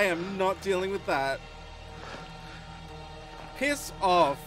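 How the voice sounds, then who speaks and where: A streamer giving live commentary on a horror game, jumpy and swearing, muttering low between shouted refusals. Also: expressive, measured pace, over music.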